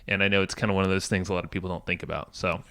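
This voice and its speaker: A man's voice: deep voice, flat delivery, rapid-fire, sharp tone, clean tone, no echo, clean studio sound. A man co-hosting a podcast, talking in a loose, chatty way with lots of laughter. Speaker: podcast co-host. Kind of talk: casual podcast chat.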